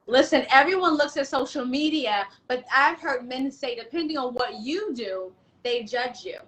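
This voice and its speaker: A woman guest on a talk show, outspoken and animated, sharing her opinions. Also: high voice, moderate pace, rough recording. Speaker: guest, doula and self-love specialist. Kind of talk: casual chat.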